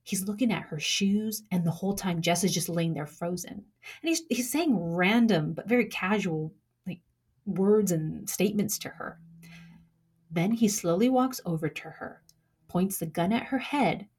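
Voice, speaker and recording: A young woman telling a true crime story from her own life, measured, with dramatic pauses. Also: fairly low pitch, a little mellow, slightly rough. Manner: measured, dramatic pauses, acts out quoted lines.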